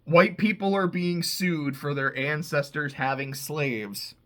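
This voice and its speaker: A man's voice: on the high side, slow, a bit bright. A man casually recapping TV episodes, talking loosely, swearing freely and leaning on "like" a lot. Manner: loose and profane, heavy use of "like". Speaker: TV show reviewer.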